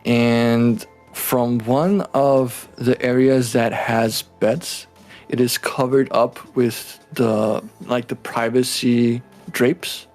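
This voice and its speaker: A man running a tabletop game, taking his time over every line at an unhurried pace. He jokes, swears and teases his players, with soft background music under his voice. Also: medium pitch, little pitch movement. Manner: laughing, swearing, playful teasing. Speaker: game master.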